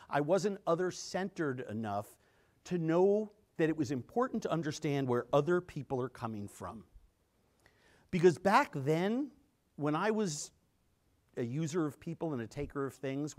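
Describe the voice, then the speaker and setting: A middle-aged man telling a story on stage at a conference and acting out the quotes. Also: fairly high pitch. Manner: animated storyteller, acts out quotes. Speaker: conference speaker.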